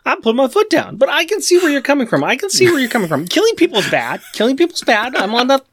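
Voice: high-pitched, sing-song, fast talker, slightly rough, dry recording. A podcast host leading casual chat in a playful, mock-formal way and running the show's segments.

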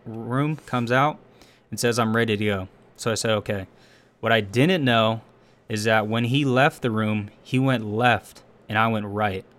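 A man's voice: fairly low pitch, fairly bright tone. A young man telling an emotional personal story in a casual, rambling way, full of restarts and fillers. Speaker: firefighter trainee telling a story.

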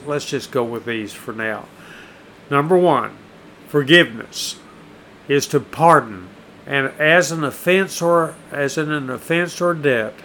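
A man preaching a sermon, telling a parable slowly and deliberately, his voice rising for emphasis. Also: medium pitch, a bit bright, slight background noise, low-quality recording. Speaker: pastor.

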